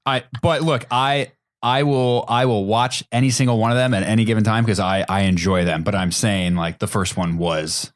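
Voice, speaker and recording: A man's voice: on the low side, fairly even intonation, moderate pace, few pauses. A man guest co-host on a movie podcast, talking casually and stumbling over his words. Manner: hesitant, stumbling restarts. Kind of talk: casual chat.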